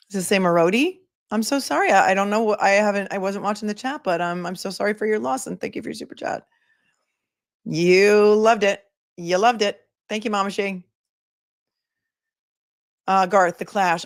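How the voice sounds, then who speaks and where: A woman's voice: mid-range voice, no echo, clean studio sound. A middle-aged woman attorney hosting a casual livestream, chatting and reading viewer comments aloud.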